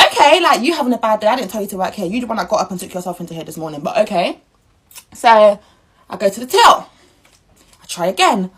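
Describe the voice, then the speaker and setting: A woman's voice: on the high side, fast talker, breathy edge, low-quality recording. A young woman, ranting bluntly and indignantly in a casual vlog. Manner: blunt, indignant, animated storytelling. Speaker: vlogger.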